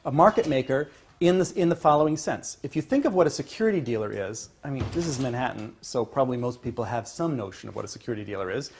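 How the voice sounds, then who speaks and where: A male economics professor giving a university lecture, checking in with "okay?" and restarting phrases, pushing some points louder and letting others trail off. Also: medium pitch, animated, fast talker, husky. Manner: emphatic, builds to louder points then trails off. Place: lecture classroom.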